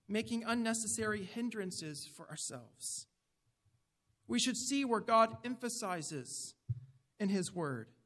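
A man's voice: high voice, fairly bright tone, in a large hall. A man preaching a sermon in an earnest, emphatic way, putting direct questions to his listeners.

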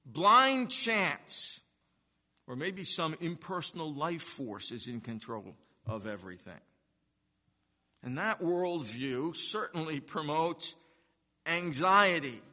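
A man preaches in a high, bright voice, unhurried and deliberate. His words ring out with a long reverb, as in a church sanctuary. He is earnest and emphatic, stretching the words he wants to land. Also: lively intonation. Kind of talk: sermon.

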